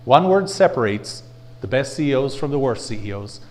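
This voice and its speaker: With a mid-range voice and a slightly quick delivery, a man lectures a live audience on leadership in a blunt, animated style. He throws out rhetorical questions and has the room repeat phrases back.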